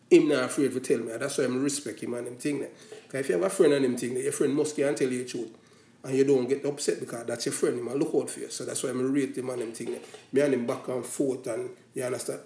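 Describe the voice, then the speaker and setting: A man's voice: mid-range voice, vocal fry, dark tone, reverberant. A man with a Jamaican accent, giving a casual, rambling opinion monologue that slides between patois and standard English. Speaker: commentator.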